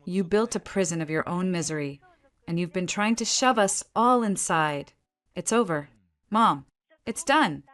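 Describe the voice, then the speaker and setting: A woman voicing a desperate young husband who shifts from forced calm to bellowing at his mother in a dramatic audio story. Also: lowish voice, a little slow. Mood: shouting.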